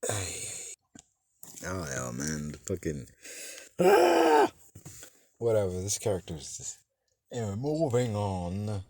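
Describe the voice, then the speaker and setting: Animated, rambling man reviewing a film. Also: low-pitched, measured pace, pauses often. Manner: rambling, profane, full of fillers. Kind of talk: casual movie review monologue.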